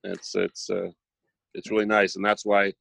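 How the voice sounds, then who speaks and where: A man's voice: lowish voice, normal speed, gravelly, no room sound. A man chatting casually, telling anecdotes and acting out the dialogue. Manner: animated storyteller, acts out dialogue. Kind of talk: casual chat.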